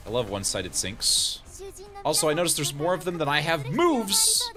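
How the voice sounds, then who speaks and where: Man, game streamer, animated, bright tone, faint game music behind, jokey and laughing. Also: fairly high pitch, moderate pace. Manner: laughs often, jokey, reads game lines aloud. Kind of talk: casual let's-play commentary.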